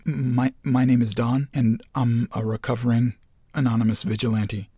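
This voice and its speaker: A man's voice: medium pitch, level tone, normal speed, a little mellow, slightly rough, dry recording, clean studio sound. A man voicing an awkward young man in his twenties in a screenplay reading, hesitant and stammering. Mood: nervous.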